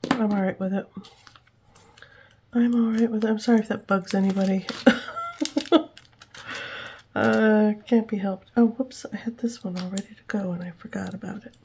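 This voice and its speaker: A woman host of a journaling channel, whispering softly to herself as she crafts and talks about it. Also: mid-range voice, steady tone, moderate pace, gravelly, pauses often, a little hiss or hum. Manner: whispers while working with her hands, talks to herself. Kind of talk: soft whispered crafting chatter.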